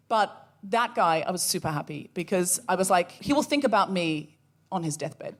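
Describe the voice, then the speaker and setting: A woman co-hosting a comedy podcast, telling a story with animated energy and acting out the voices she quotes. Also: mid-range voice, brisk. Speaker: podcast co-host. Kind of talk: comic storytelling before a live audience.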